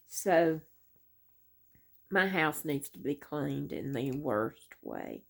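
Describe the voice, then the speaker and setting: A middle-aged woman tells a long story on her crochet vlog, drifting from one point to the next and circling back with "anyway." Her voice sits low and has a gravelly edge. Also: expressive, drawn-out words, pauses often. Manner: rambling storyteller, many "um" and "anyway". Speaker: crochet vlogger. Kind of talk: casual rambling chat.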